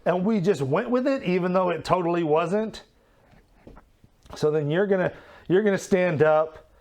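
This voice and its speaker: A man's voice: sits high, normal speed, a little mellow. A man giving casual commentary on old wrestling footage, candid and self-critical, swearing freely. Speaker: show host.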